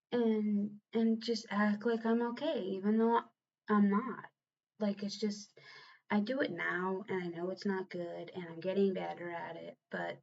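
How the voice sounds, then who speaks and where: Young woman, mid-pitched, earnest and halting, restarting her sentences as she speaks in a confessional vlog, slightly dull lo-fi recording. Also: a little mellow. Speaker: vlogger and new mother.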